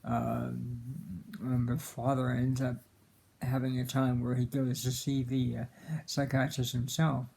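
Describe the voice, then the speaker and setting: Guy rambling about a movie he loves, slow and gravelly, lots of ums and uhs. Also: medium pitch, completely flat delivery, darkish tone, slight background noise. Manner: halting, many fillers and restarts; earnest and emotional about the film. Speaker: film commentator. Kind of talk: casual film commentary.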